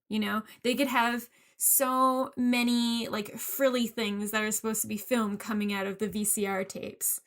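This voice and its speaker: As co-host of a podcast, a young woman talks in a relaxed, chatty way, using "like" over and over. Her voice is mid-range and a bit bright.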